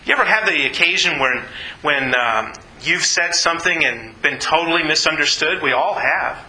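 A man's voice: a little high, lively intonation, moderate pace, sharp tone, echoey room, rough recording. A man preaching a sermon in an earnest, conversational way, often repeating his phrases. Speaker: pastor.

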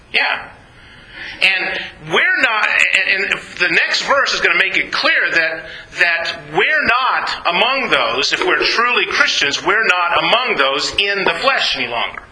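A man teaching a Bible class, speaking haltingly with many repeated words and asking the group questions. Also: high-pitched, bright, forceful tone, reverberant, poor audio.

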